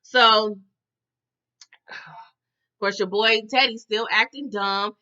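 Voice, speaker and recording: A woman giving a chatty, animated recap of a TV episode, often calling her viewers y'all. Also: medium pitch, slow pace, clear, resonant tone, muffled recording. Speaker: TV recap vlogger.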